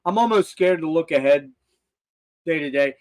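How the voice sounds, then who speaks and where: A man's voice: fairly high pitch, normal speed, darkish tone. Rambling, swearing older man streaming. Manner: loose, profane, laughing rambling. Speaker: host. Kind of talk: casual livestream chat.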